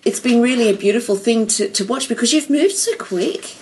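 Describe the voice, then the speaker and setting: A woman's voice: a little high, brisk, a little mellow, slight background noise, rough recording. A woman in casual conversation, encouraging and affirming her friend in long reflective runs. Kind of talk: casual chat.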